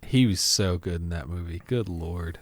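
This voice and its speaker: A man co-hosting a movie podcast, relaxed, with short replies and quips. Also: low-pitched, moderate pace, no room sound, clean studio sound. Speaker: podcast co-host. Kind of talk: casual movie chat.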